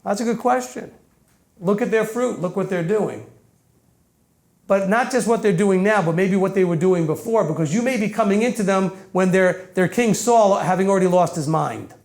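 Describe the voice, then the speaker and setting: A man giving a sermon as a teacher, earnest and conversational, slowing and softening on key points and acting out quoted voices. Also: high-pitched, vocal fry.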